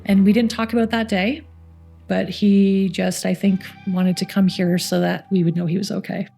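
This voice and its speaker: Middle-aged Canadian woman, gravelly and mellow, youth centre coordinator, lively anecdotes with quoted voices. Faint guitar underneath. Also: medium pitch, moderate pace. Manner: warm anecdotal storytelling, acts out quoted voices. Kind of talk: storytelling interview.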